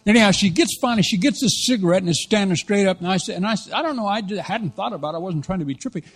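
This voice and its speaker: An American man, middle-aged, preaching a sermon as an animated storyteller who acts out the lines he quotes. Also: high-pitched, very fast, breathy edge. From United States.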